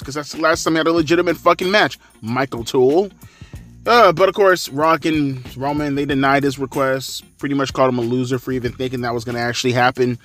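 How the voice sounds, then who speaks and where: Forceful, profane ranting man. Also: a little high. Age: 30s. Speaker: wrestling commentator. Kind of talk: ranting commentary.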